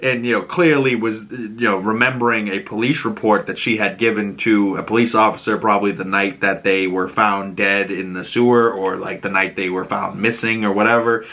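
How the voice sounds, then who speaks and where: A man hosting a podcast who gives a casual, excitable recap of a TV episode, often laughing and using lots of filler words. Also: lowish voice. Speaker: podcast host.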